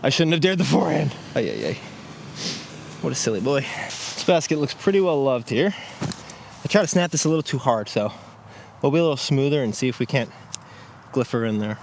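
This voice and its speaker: A man's voice: medium pitch, lively intonation, fairly quick, creaky, pauses often. A man giving casual commentary while throwing discs on an outdoor course, exclaiming at each shot. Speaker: disc golf reviewer. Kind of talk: casual play-along commentary. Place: outdoor disc golf course. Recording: outdoor field recording with faint noise.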